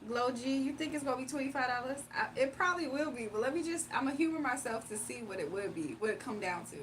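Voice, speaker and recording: A woman's voice: high-pitched, expressive, fast talker, a bit bright. Playful laughing streamer woman from Virginia. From Virginia, USA. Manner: laughs often, loose and playful. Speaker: livestream host. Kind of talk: casual livestream chat reading comments. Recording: mic a bit far off, faint room noise.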